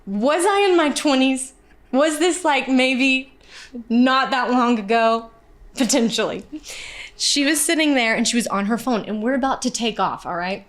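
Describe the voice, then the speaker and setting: A young actress telling funny stories as an interview guest, lively and self-mocking, dropping to a hush for the punchlines. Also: female voice, sits high, unhurried. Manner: lively, self-deprecating, drops to a hushed voice for punchlines. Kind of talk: animated storytelling in casual chat.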